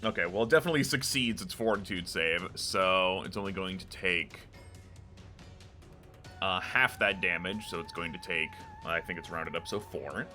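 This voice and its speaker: A man running a tabletop game as game master, relaxed and joking, laughing often. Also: low-pitched, moderate pace, soft background music.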